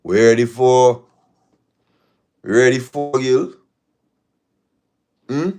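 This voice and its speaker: A man's voice: medium pitch, fairly even intonation, drawn-out words, darkish tone. A man hosting a casual live stream, talking emphatically, repeating phrases and firing rhetorical questions.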